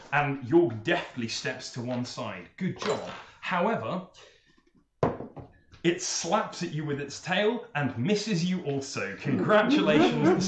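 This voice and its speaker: A man narrating as game master, playful and animated, jumping up in pitch for emphasis. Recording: echoey room mic with faint noise.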